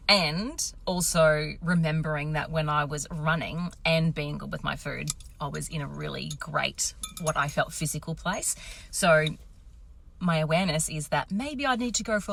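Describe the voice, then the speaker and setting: A woman in her thirties, a confidence coach, casually telling a story to camera, lively and quick to swear. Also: low voice, gravelly. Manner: animated, swearing, acts out quotes.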